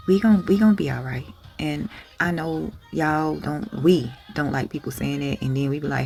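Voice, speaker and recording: A woman giving a candid, emotional motivational talk to her viewers, frank and plain-spoken with hushed asides and casual swearing. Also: sits low, normal speed, gravelly, faint music behind. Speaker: spiritual vlogger.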